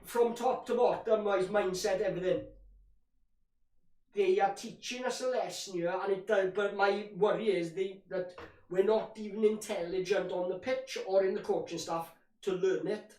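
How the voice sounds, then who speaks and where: A man's voice: sits high, steady tone, moderate pace, a little mellow. A man giving live fan commentary on a match, ranting in frustration and calling his listeners "boys". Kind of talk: live watch-along commentary. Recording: roomy echo, distant from mic.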